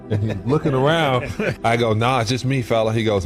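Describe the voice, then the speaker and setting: A man recalls his playing days in a self-mocking storytelling tone. His voice is fairly low, and music plays behind the clip. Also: fast. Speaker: former basketball player telling a story. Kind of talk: storytelling interview.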